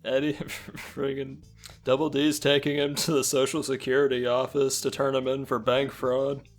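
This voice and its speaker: A man's voice: mid-range voice, monotone, moderate pace, soft background music. A man co-hosting a comedy podcast, chatting casually and riffing on the story with a chuckle. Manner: laid-back, chuckling, riffs on the story. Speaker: podcast co-host.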